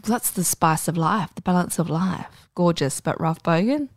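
A woman's voice: fairly low pitch, moderate pace, dry recording. Brash woman cohost, crude banter, dry close recording. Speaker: podcast co-host. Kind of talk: casual chat.

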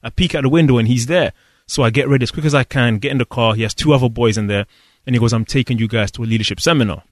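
A man tells a personal story in an interview. He speaks earnestly and reflectively, pausing and restarting as he searches for words. The sound is dry and close. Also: mid-range voice, dry recording. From London, England. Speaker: guest.

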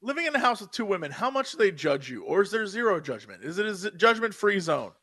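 High, very lively teasing man. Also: quick pace, no echo, clean studio sound. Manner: playful teasing, bursts into sung lines. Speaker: podcast co-host. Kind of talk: casual chat.

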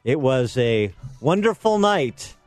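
A man's voice: medium pitch, big pitch swings, slow pace, darkish tone, no echo, faint music behind. A man hosting a political talk radio show, delivering sarcastic and combative commentary into a studio microphone.

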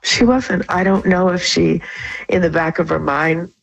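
A woman calling in to a radio show, speaking haltingly and with feeling, often restarting her sentences. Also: on the low side, fairly even intonation, creaky, soft background music, rough recording. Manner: halting, emotional, with many restarts. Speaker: caller. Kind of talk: phone-in call on a radio show.

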